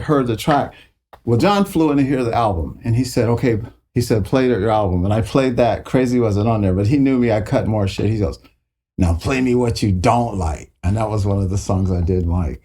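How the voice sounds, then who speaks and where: A man in his sixties telling casual, profane stories as an interview guest, acting out the voices of people in his stories. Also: mid-range voice. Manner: profane, animated, acts out others' voices. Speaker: guitarist guest.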